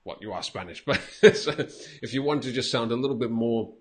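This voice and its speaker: A man teaching English in a relaxed, patient way. He breaks phrases down, repeats them and chuckles lightly between points. His voice sits in a plain middle range. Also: medium pitch. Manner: patient, explains slowly with repeated examples and light laughs. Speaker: English teacher giving feedback. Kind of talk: casual spoken lesson.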